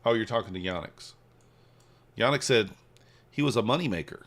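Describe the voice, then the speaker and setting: A man hosting a trading livestream, casually reading and answering viewer chat while he trades, swinging between hyped shout-outs and quiet muttering. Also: on the low side, normal speed. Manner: hypes viewers, reads chat aloud, shifts from excited shouts to mumbling. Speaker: livestream host, futures trader.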